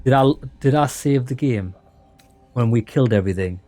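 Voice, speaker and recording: Excitable guy doing let's play commentary, faint game music under him. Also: mid-range voice, moderate pace. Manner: chatty, excitable, addresses viewers as lads. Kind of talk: casual gameplay commentary.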